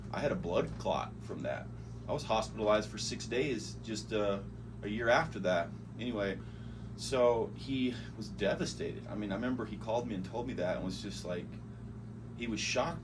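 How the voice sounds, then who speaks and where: A man with a Texan accent, hosting his own podcast and telling a personal story in a casual, rambling way. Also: on the low side. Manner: conversational, rambling, with fillers. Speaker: podcast host. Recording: distant mic with background noise.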